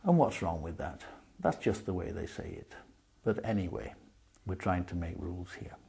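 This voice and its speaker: A man's voice: low-pitched, vocal fry, warm tone, husky. A man teaching a spelling lesson, patiently sounding out syllables and words. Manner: patient, drawn-out sound demonstrations.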